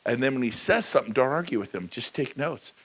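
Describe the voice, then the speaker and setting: A man giving a high-energy motivational talk at a conference, joking with the crowd and slipping into quick impressions of people. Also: animated, husky. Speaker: keynote speaker. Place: large conference hall.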